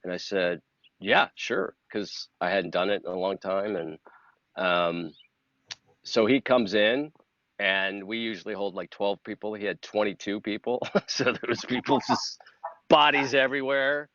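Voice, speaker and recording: A man's voice: fairly low pitch, normal speed, no echo. A middle-aged man, a podcast guest, telling a story in casual talk, acting out quoted dialogue and turning earnest and emotional. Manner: animated, acts out quoted dialogue. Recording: dull, dry lo-fi audio.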